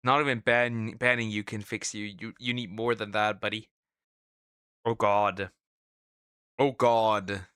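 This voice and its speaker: A man streaming, reacting to clips with exasperated, swearing commentary that bursts into laughs and shouts. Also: lowish voice, flat delivery, measured pace, pauses often, clear, resonant tone, dry recording, clean studio sound.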